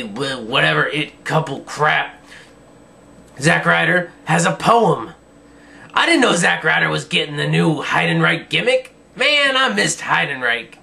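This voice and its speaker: A man's voice: a little high, gravelly, bright, forceful tone. A man giving a sarcastic, rambling, jokey review of a wrestling show in a casual style. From Virginia.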